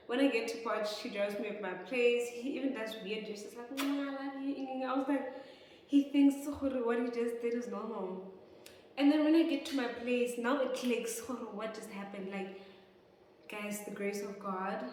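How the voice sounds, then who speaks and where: A woman's voice: mid-range voice, slight background noise. A young woman with a South African accent recounts a personal story for her vlog, talking to viewers like friends. Her voice sits in a mid register and sounds distant, with a long, roomy echo around it. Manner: animated, addresses viewers as guys. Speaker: vlogger. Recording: echoey room, far from mic.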